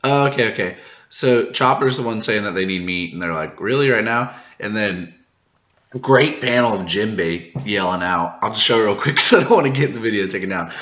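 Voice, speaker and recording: A man hosting a manga review channel, reading through a chapter in an excited reaction, chuckling often and saying "uh" a lot. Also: lowish voice, normal speed. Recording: roomy, dull lo-fi sound.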